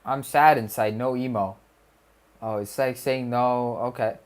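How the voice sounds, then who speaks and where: A young man streams from his desk, talking casually to his chat in an unhurried, drawn-out way. He rambles, repeats phrases over and over and throws in loose slang and jokes. His voice sits at an ordinary pitch for a man. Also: fairly even intonation. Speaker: student streamer. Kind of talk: casual livestream chat with viewers.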